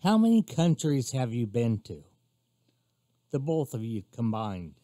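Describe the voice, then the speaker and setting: A man's voice: medium pitch, sing-song, a little slow, mellow, no room sound, clean studio sound. A man co-hosting a radio talk show, joking around and stammering as he starts. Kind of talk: casual radio chat.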